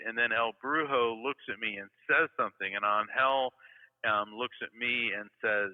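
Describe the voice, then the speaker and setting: A man's voice: medium pitch, big-room sound, narrow, tinny audio. A man telling a long travel story in a casual interview, full of fillers and asides. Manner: rambling, many "you know" fillers, animated retelling. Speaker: guest storyteller.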